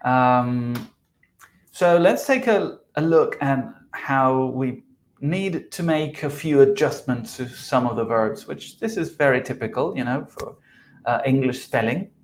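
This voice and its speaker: A man's voice: mid-range voice, animated, a little slow, a little hiss or hum. A man with a South American Spanish accent, a native Spanish speaker, patiently explaining grammar as a co-host of a podcast lesson. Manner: patient explaining, chuckles at slips. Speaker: English teacher, podcast co-host.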